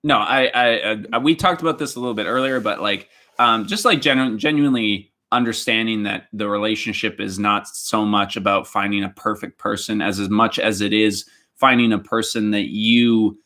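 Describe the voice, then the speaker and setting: A man's voice: fairly low pitch, fairly even intonation, moderate pace, few pauses, pushed and bright. A man from Canada co-hosting a casual livestream, rambling in a laid-back way with plenty of fillers and restarts. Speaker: livestream co-host.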